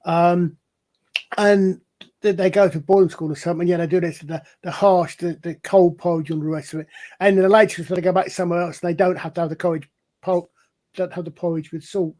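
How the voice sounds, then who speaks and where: A man speaking in a casual panel chat, halting and repeating words as he thinks. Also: high voice, steady tone, darkish tone.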